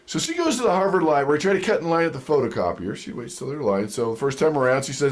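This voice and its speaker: A man's voice: fairly high pitch, quick pace, hardly any pauses. A man giving a sales training lecture, telling stories and acting out quotes with chuckles. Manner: animated storytelling with acted-out quotes and chuckles. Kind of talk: lively seminar lecture.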